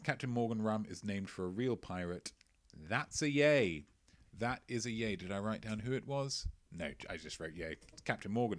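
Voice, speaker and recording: A man hosting a casual livestream quiz, playful and chatty, often repeating his own phrases. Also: fairly low pitch. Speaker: quiz host.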